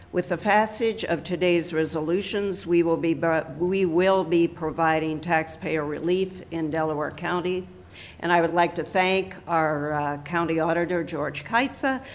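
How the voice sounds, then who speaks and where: A woman county commissioner presiding over a formal hearing, reading slowly and deliberately with a few fillers. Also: fairly low pitch, a little hiss or hum. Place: county meeting room.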